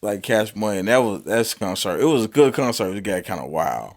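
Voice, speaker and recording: A man co-hosting a podcast, telling stories in relaxed, slangy casual chat. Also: on the low side, fairly quick. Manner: relaxed storytelling, slangy, says bruh a lot. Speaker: podcast co-host.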